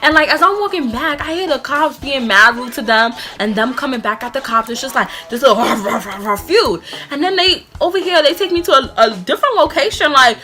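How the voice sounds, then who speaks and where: A young woman telling a personal story in a casual storytime vlog, animated and rambling, with lots of fillers and laughs. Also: sits high, a little fast, few pauses. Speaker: vlogger.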